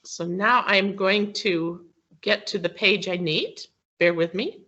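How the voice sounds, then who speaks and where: In this lo-fi, dull-sounding video call, a woman of medium pitch takes her time, her voice pushed and bright. She's a guest teaching word stress in an online English pronunciation lesson, patiently going step by step and often pausing to ask her students "okay?"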